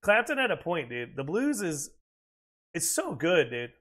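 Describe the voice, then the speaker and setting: This US streamer talks in an unhurried way, his slightly high voice swinging hugely in pitch and carrying a fairly bright tone. He chats casually and profanely while gaming, rambling in between reactions to what happens on screen.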